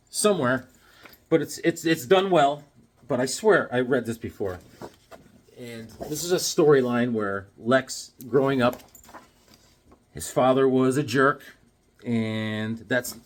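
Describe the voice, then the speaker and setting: A man from Connecticut casually chatting about his comic books, rambling along and telling deadpan tall tales with jokes between them. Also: medium pitch. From Connecticut, USA. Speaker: comic book vlogger.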